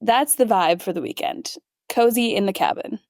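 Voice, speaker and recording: A woman's voice: mid-range voice, moderate pace, a little mellow, dry recording, studio quality. A young woman co-hosting a podcast in casual chat, upbeat and enthusiastic, using fillers as she talks. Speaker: podcast co-host.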